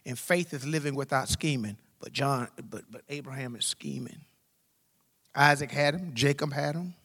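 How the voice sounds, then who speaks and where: A pastor preaching a sermon, swinging from loud, rising exclamations to low, quiet asides. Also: male voice, normal speed, slightly rough. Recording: long hall reverb.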